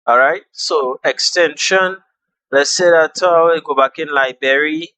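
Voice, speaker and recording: Slow, bright-voiced casual tutorial guy. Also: fairly high pitch, clean tone, no echo, rough recording. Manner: relaxed, chatty, repeats himself and trails off with fillers. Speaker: tutorial host. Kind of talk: casual screen-recorded app tutorial.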